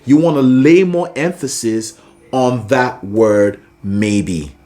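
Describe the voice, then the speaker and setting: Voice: medium pitch, slow, dark tone. A singing teacher giving a vocal lesson, encouraging the learner and singing short example phrases between explanations. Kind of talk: vocal lesson with sung demonstrations.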